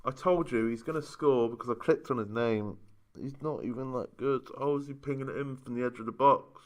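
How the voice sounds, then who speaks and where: A man's voice: mid-range voice, moderate pace. Exasperated man moaning over a game. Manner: moaning, exasperated running commentary. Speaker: gaming YouTuber. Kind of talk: casual let's-play commentary.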